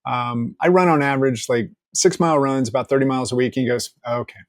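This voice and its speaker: A man, a podcast guest, telling a story in casual conversation, candid and joking, quoting people in lively asides and swearing freely. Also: medium pitch, a little fast, no echo, studio quality.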